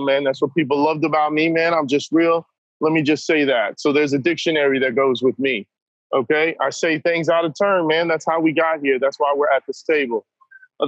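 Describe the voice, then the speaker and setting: Guy with a high voice talking straight and fired up, dry dull lo-fi sound. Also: dry recording. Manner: emphatic, blunt, keeps saying "man". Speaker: podcast guest. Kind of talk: candid conversation.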